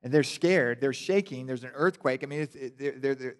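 A male pastor preaching a sermon, telling the story animatedly and building to loud, passionate emphasis. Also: medium pitch, a little fast. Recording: long hall reverb.

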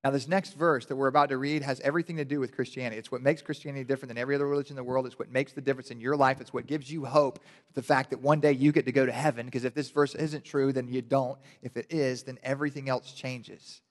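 A man's voice: mid-range voice, fast talker, few pauses. Preaching man in an echoing hall. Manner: animated storytelling, building to shouted passion. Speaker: pastor. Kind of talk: sermon. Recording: long hall reverb.

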